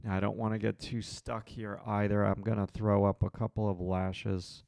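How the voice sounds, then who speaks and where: A man with a low, gravelly voice teaches portrait drawing on a live stream. He thinks aloud as he works and answers viewers in the chat. The sound is close and dry. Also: little pitch movement, moderate pace, a little mellow, no room sound. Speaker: art instructor hosting a live stream.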